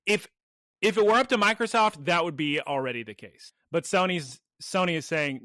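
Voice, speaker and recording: A man hosting a podcast in casual chat, excitable and gushing. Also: sits high, moderate pace, no echo, clean studio sound. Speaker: podcast host.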